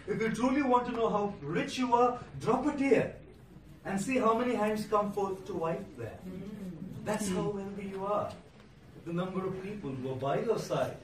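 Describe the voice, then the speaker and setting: A high-voiced male monk gives an inspirational public speech before an audience in a large hall, telling stories and speaking rhetorically. He lists words with pauses for effect. The recording is echoey and noisy, captured from a distant mic.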